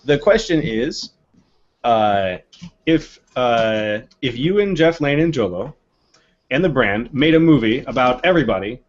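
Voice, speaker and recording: A man's voice: medium pitch, dull audio. A man hosting a casual podcast, easygoingly reading out listener questions. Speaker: podcast host.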